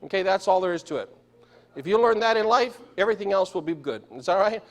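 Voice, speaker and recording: Male preacher, high voice, storytelling sermon that keeps checking in with the congregation. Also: expressive, fast. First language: Spanish. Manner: storytelling, asks the congregation questions. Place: church sanctuary.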